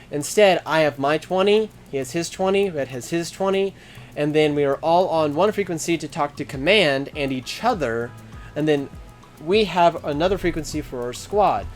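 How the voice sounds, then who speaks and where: A young man hosting a casual instructional chat, explaining steadily with plain, everyday talk. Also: a little high. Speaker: host.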